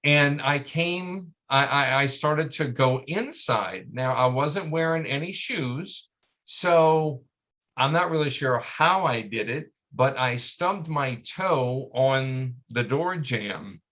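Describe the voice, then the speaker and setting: A man talking as a guest on a radio interview, halting now and then as he searches for words, with a dry, joking humor. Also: medium pitch, animated, fairly bright tone.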